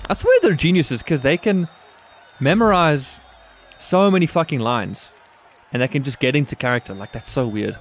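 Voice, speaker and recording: A man's voice: mid-range voice, animated, normal speed, some chatter behind. A man giving rambling, crude, joking commentary while he plays a racing game. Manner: rambling, jokey, crude humor. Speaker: gaming streamer. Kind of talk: casual gameplay commentary.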